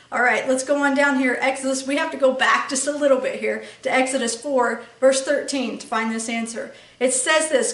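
A woman preacher with a high, slightly bright voice delivers a sermon with emphasis, repeatedly asking her listeners "okay?" to check in. She sounds distant, recorded in an echoey room.

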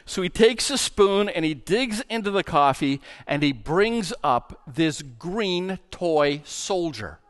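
A middle-aged male pastor telling a story in a sermon, animated and acting out the voices in it. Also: high voice, slow pace, hardly any pauses. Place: church.

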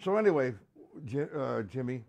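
A man giving a casual live-stream drum lesson, chatting with viewers by name and counting beats out loud. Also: medium pitch, animated, normal speed, creaky, over loud music. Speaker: drum teacher.

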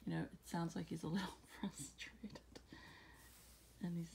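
Low gravelly woman reading scripture softly. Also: fairly even intonation, slight background noise. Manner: reads scripture slowly, then muses with fillers and soft laughs. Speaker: Bible reading channel host. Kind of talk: casual Bible reading and reflection. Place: at home.

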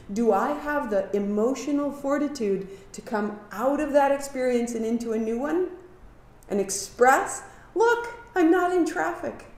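A woman teaching a live yoga class, giving calm cues and then talking through a story in a lively way. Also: fairly high pitch, reverberant. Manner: calm guiding cues, then animated storytelling with acted quotes.

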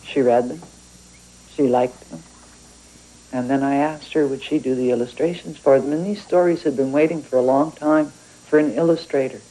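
A woman's voice: rumbling low, steady tone, normal speed, mellow, rough recording. A woman from Canada, a writer talking about her work in a thoughtful, conversational interview. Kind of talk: reflective interview talk.

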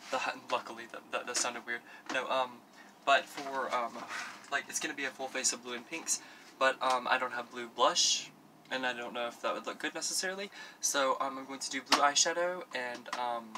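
A man with a mid-range voice hosts a parody makeup tutorial while doing his makeup at home, against a noisy background. He rambles through this mock beauty chat, using plenty of fillers and making camp asides to himself.

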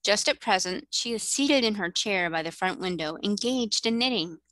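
A woman voicing a gracious, kindly mermaid queen who speaks in a cordial, measured way. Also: medium pitch, expressive, fairly bright tone, no echo, natural voice, poor audio.

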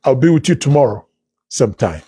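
A man's voice: medium pitch, very animated, normal speed, dark tone, husky, dry recording. A man leading a fervent prophetic prayer broadcast, declaring prophecy in repeated refrains and breaking into speaking in tongues. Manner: repeats refrains and calls for praise. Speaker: prayer leader.

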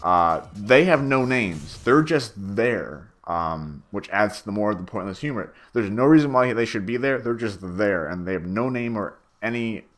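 A man's voice: fairly low pitch, expressive, normal speed, few pauses, faint music behind. A young man giving a rambling, stammering director's commentary on his own machinima, full of fillers and swearing.

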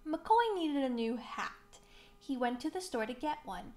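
A woman reading a children's picture book aloud, slow, clear and expressive for young children. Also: high-pitched. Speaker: museum storybook reader.

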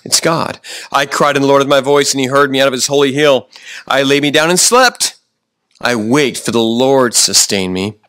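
A pastor preaching a sermon, often slowing down for emphasis and restarting his sentences. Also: mid-range voice, fairly bright tone, dry recording. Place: church.

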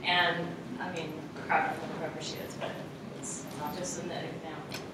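Woman telling a quick story on a panel, lowish voice, big echo, some background noise. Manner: chatty, animated storytelling. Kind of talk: anecdote on a panel. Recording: echoey hall from far off.

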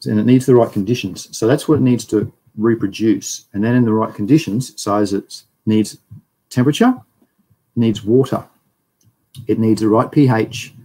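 A man's voice: fairly low pitch, mellow, slightly rough, poor audio. A middle-aged Australian man giving a casual, rambling livestream lecture and reading viewer chat aloud.

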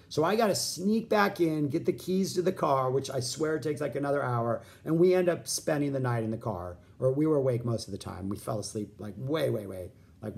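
Man in his fifties, gravelly voice, rambling storytelling, vlog host. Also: mid-range voice, a little mellow. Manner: rambling, full of fillers and restarts.

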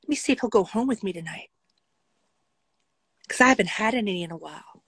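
A woman voicing a brazen woman at a club who talks slowly and boldly about another woman's man. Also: mid-range voice, expressive, a bit bright, slightly rough, no echo.

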